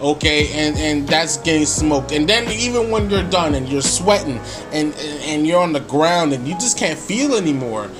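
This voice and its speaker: A man's voice: on the high side, animated, normal speed, few pauses. A man on his own channel telling a story in a casual, rambling way, with many fillers and chuckles, over background music. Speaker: YouTuber.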